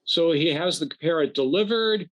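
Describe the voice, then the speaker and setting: A man's voice: a little high, expressive, normal speed. A man, a rabbi co-hosting a casual talk, reflective and fond of humor. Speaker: rabbi, co-host. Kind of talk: casual conversation.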